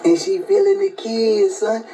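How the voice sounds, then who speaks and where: A man's voice: sits high, big pitch swings, measured pace, mellow, a little hiss or hum, voice pushed up, rough recording. A man voicing a cocky young male New York inmate who ends nearly every phrase with "son". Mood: eager. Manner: repeats "son" and "word" after every phrase.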